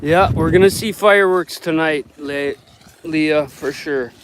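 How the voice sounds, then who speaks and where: A man vlogging outdoors by a lake shore and on a boat, excitable and swearing freely. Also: on the high side, a little slow. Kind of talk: casual outdoor vlog chat. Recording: wind noise on the mic outdoors.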